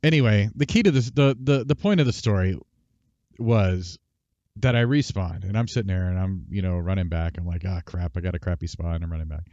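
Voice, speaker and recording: A man's voice: fairly low pitch, expressive, brisk, no room sound. Rambling male streamer, dry dull mic. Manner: rambling storyteller, restarts and asides; talks quietly at times for housemates. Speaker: streamer and show host. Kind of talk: casual livestream chat.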